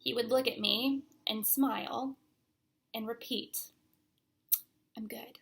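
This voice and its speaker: A young adult woman pastor giving a sermon, speaking slowly and deliberately and letting her phrases fade to a near-whisper. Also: on the high side, steady tone, gravelly, a bit bright. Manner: slow, deliberate delivery that trails off to a near-whisper at phrase ends.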